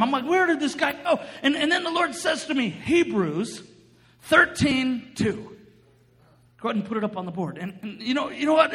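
A man preaching a sermon, telling a story with excitement, laughing often and breaking into shouts as he acts out what people said. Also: very high-pitched, in a large hall.

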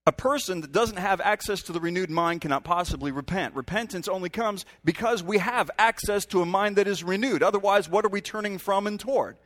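A man's voice: high voice, brisk, few pauses, fairly bright tone. A man preaching a sermon from a stage, talking conversationally and then breaking into sudden emphatic rises. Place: stage in a church hall. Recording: long hall reverb.

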